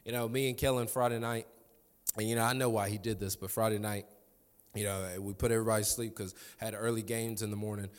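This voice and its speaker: A pastor in his thirties preaches a sermon in a reverberant church hall, recounting family stories with emphatic repetition. His voice sits on the low side and stays smooth and flat in delivery while moving at a quick pace.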